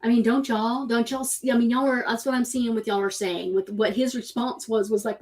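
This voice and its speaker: A woman's voice: on the high side, fairly even intonation, fairly quick, few pauses, a little mellow. Emphatic woman host. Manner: emphatic, repeats herself for effect. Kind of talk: casual opinion talk.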